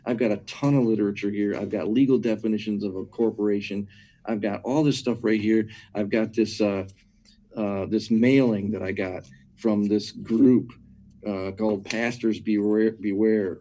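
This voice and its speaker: A man with a lowish, warm, mellow voice talks as a guest in a conversational teaching style. He drives his points home emphatically, stacking repeated words, and keeps asking "right?" to his listener. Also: steady tone, normal speed, highs cut off. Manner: asks listeners rhetorical questions. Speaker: guest speaker on church matters.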